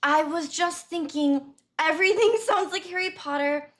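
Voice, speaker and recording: A young woman streamer giving casual, animated, giggly reaction commentary. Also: extremely high pitch, moderate pace.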